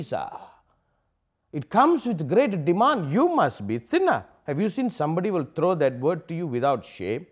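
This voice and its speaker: A man giving a public spiritual talk, asking rhetorical questions and swinging from loud declarations to hushed asides. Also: a little high, very animated, moderate pace, slightly rough. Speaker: spiritual teacher.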